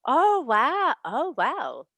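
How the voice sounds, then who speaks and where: A woman hosting a relaxed chat, bubbly and gushing, with a voice that swoops up and down a great deal. She is recorded close and dry, with no room sound around her. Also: very slow, vocal fry, no echo. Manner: bubbly and gushing, with sudden leaps in pitch. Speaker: podcast host. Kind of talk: casual chat.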